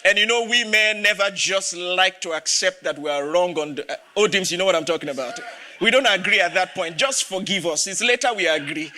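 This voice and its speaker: A man's voice: high voice, fairly quick, bright, forceful tone. A man, a pastor preaching a sermon, telling a story with laughter and acted-out dialogue.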